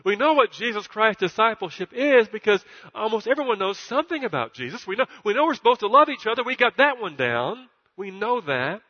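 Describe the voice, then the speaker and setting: A man preaching a sermon in a church, his voice a little high for a man. He drives his points home with repetition, swinging up to loud, lifted peaks and stumbling into a stutter now and then. The sound is dull and muffled, with a long reverb trailing off the hall. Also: very animated, fairly quick, few pauses. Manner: emphatic, builds to loud high peaks, repeats words; stutters at times. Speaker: pastor.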